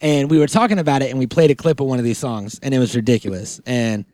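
A man chatting on a podcast, keeping his jokes deadpan and rambling through them with plenty of fillers. His pitch sits in an ordinary middle range. The sound is close and dry, with no room around it. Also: quick pace, no echo. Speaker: podcast host. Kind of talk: casual comedic chat.

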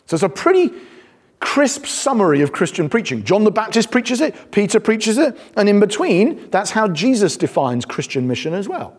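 Lively, husky British preacher in a hall. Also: male voice, sits high, normal speed. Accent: British English. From Britain. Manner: conversational, emphatic, self-deprecating humour. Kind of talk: sermon. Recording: long hall reverb.

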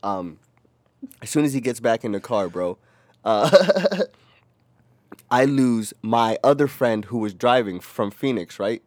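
A young man co-hosting a casual podcast, telling a rowdy story with lots of profanity and loud acted-out quotes. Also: medium pitch, measured pace, pauses often, dry recording. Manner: animated, profane, acts out quotes in a raised voice. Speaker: podcast co-host.

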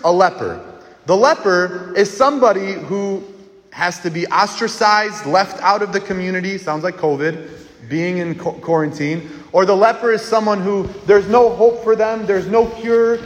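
A man preaching a lively sermon to children, leading them in call-and-response. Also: high-pitched. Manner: animated, leads call-and-response shouting. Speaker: priest. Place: church. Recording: echoey church hall.

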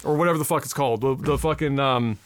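A man, co-hosting a casual podcast and ranting profanely, getting loud when worked up. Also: medium pitch, fast talker. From Nova Scotia, Canada. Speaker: podcast co-host.

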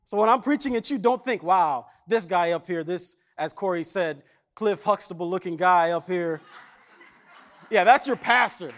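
Pastor guy with a high voice telling a parable casually in church, doing little voices for the people in it. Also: normal speed. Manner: conversational storytelling, acts out characters' lines. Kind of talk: sermon.

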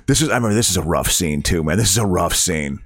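A man's voice: deep voice, sing-song, fairly quick, breathy edge, dry recording. Laughing, agreeable man, dry sound. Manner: agreeable, laughs often, rambling. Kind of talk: casual chat.

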